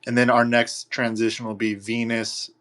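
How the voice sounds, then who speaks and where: A man's voice: mid-range voice, monotone, normal speed, a bit bright. A man in the audience of a live audio chat, asking a host questions in a hesitant, curious way with many fillers. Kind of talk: casual questioning. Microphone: online audio call.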